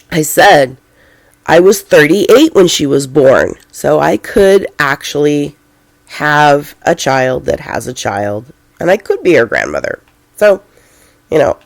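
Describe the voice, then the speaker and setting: Slow, gravelly middle-aged woman vlogging. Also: deep voice, no echo. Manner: rambling, filler-heavy, self-deprecating. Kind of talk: casual vlog chat.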